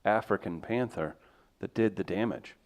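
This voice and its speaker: A man's voice: fairly low pitch, normal speed, a little mellow. A man co-hosting a comedic podcast, rambling through his points with restarts and chuckles. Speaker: podcast co-host.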